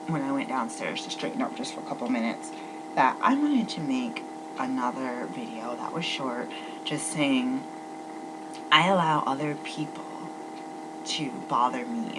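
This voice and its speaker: Woman, very deep voice, rambling vlog talk, whispery asides, loud hum and noise behind. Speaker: vlogger.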